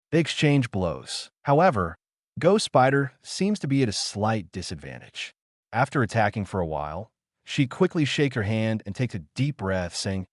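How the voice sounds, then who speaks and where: A man's voice: fairly low pitch, big pitch swings, normal speed, dry recording, clean studio sound. A man narrating an audiobook in a dramatic style, calling out sound effects with punch. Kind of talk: audiobook narration of a fan novel.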